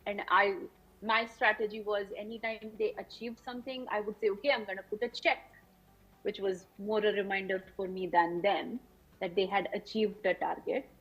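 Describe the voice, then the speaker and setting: A woman's voice: medium pitch, steady tone, moderate pace, a bit bright, slightly rough, low-quality recording. A woman presenting at a conference, explaining her teaching strategies step by step to other teachers.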